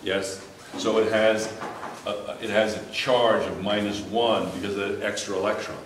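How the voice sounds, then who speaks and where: A man's voice: on the low side, level tone, moderate pace. A man teaching a chemistry class, lecturing and teasing his students with jokes. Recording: echoey classroom with faint background noise.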